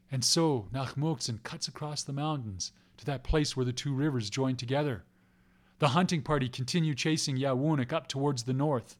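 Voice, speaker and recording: A man's voice: fairly high pitch, normal speed. A man telling a legend aloud in a rhythmic way, repeating phrases and place names. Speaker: storyteller. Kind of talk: oral storytelling of a legend.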